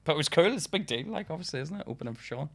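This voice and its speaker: A man's voice: on the high side, animated, rapid-fire, gravelly, breathy edge. A young man, a stand-up comedian, chatting casually as a podcast guest, laughing often and full of fillers.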